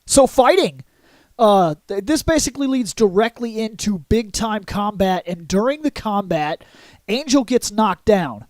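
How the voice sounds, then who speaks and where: A man vlogging a casual comic book review in an excitable way, adding sound effects and acting out lines. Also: high voice, measured pace, no room sound. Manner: excitable, adds sound effects and acts out quotes.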